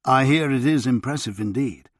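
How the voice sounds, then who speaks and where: Man voicing a brisk, motherly young woman. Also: mid-range voice, no echo, clean studio sound, natural voice. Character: brisk caring young woman, household governess.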